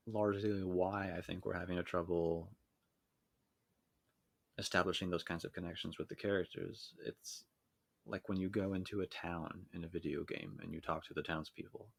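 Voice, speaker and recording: A man co-hosting a podcast in casual chat, speaking in a measured, hesitant way with many fillers. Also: sits low, vocal fry, husky, no echo. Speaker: podcast co-host.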